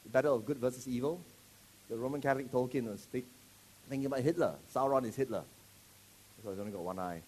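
A man preaching a sermon, animated and joking, quizzing his congregation with questions. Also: mid-range voice, quick pace, pauses often, a little hiss or hum.

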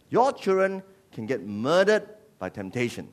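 Man, pastor, sermon, animated, fairly high voice, lively. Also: normal speed. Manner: animated, jokey, switches into voices.

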